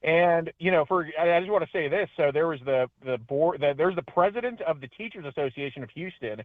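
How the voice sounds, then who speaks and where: A man calling in as a guest, telling his story in a chatty, animated way with frequent laughs. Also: on the high side, a little fast, no echo. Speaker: guest, independent journalist. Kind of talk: casual phone interview. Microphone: phone. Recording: tinny phone line.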